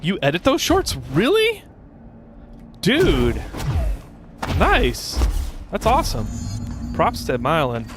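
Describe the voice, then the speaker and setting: A young man streaming a video game, reacting loudly and chatting with his viewers. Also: fairly high pitch, slow pace, long pauses. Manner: excitable, shouts exclamations, chats to viewers. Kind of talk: casual gameplay streaming with chat. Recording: game music playing behind.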